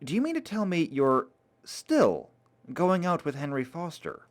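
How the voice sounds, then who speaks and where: A man's voice: fairly high pitch, huge pitch swings, a little slow, pitched above the performer's own voice. A man reading aloud, voicing a fussy, disapproving young woman who scolds her friend. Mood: scolding.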